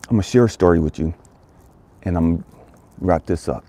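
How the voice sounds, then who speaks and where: A man with a low, dark voice delivers a motivational story, leaning on repetition for emphasis. A husky grain runs under his speech. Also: normal speed, long pauses. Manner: emphatic, repeats phrases for effect. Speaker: motivational speaker.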